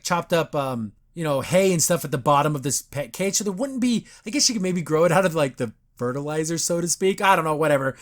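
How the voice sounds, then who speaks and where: Man, podcast host, casual cartoon recap, rambling, sarcastic, a bit high.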